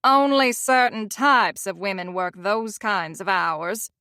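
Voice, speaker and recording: A haughty old Southern lady with a gravelly voice and a thick drawl, put on by a woman narrator. She sniffs out her disapproval in this storybook romance, recorded dry and close. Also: medium pitch, takes it slowly, pushed and bright, dry recording. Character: prim, disapproving elderly Southern great-aunt.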